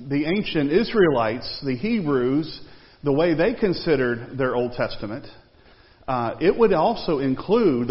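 Man teaching Bible study, conversational, quizzes the class, muffled lo-fi sound, long echo tail. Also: on the high side. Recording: long reverb, dull lo-fi sound.

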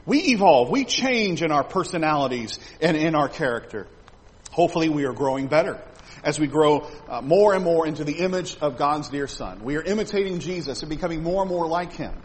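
A middle-aged man preaching a sermon, emphatic, swelling louder on key phrases and repeating words. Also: fairly high pitch, animated, a little fast, rough recording.

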